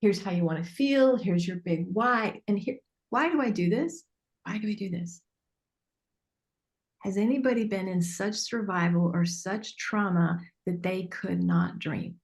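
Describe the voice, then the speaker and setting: A woman, a business mentor coaching a group on a call, earnest and animated, acting out bits of dialogue. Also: mid-range voice, a little slow.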